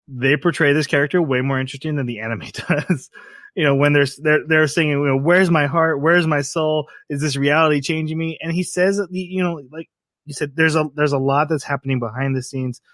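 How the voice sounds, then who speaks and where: A man's voice: a little high, brisk, fairly bright tone, dry recording. A man co-hosting a podcast, talking in a critical, thoughtful way and often laughing. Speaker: podcast co-host. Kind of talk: casual discussion.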